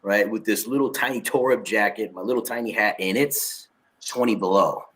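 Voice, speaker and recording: Low-voiced, slangy male guest. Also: normal speed, fairly bright tone, a little hiss or hum. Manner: slangy and laid-back. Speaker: actor guest. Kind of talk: casual interview chat.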